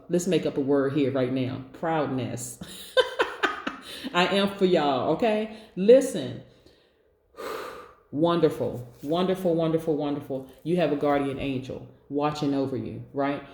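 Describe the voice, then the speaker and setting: A woman's voice: deep voice, warm tone. Upbeat woman reading tarot, echoey room. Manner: enthusiastic, chatty, encouraging. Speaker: tarot reader. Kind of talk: casual tarot reading to viewers.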